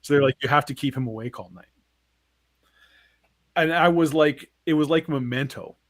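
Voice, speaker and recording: In a slightly high voice at a moderate pace, a podcast co-host in his forties tells a long personal story during casual chat, recorded dry. He's animated and swears, acting out the voices of the people involved.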